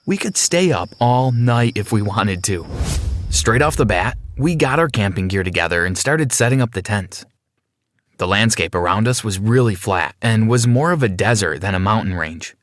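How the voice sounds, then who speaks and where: A man's voice: on the low side, slight background noise. A man narrating a dramatic first-person adventure story from a script.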